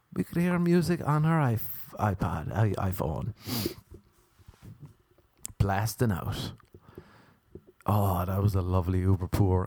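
A young Irish man telling a rambling, animated story. He laughs and jumps up in pitch for emphasis. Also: no room sound, clean studio sound. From Ireland. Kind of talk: casual storytelling monologue.

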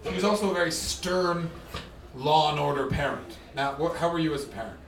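A man from Canada doing stand-up comedy with crowd work, telling stories in an animated, chatty way. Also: fairly high pitch, fairly quick, noisy background. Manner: animated, chatty storytelling with frequent laughs. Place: live comedy venue with an audience. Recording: roomy, distant stage sound.

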